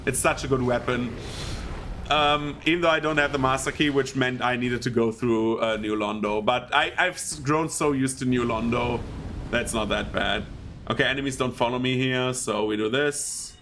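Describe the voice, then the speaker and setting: A man's voice: mid-range voice, moderate pace, slight background noise. A young man with a German accent, rambling casually and laughing while commenting on his gameplay. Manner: rambling, laughs often, excitable bursts. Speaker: gaming streamer.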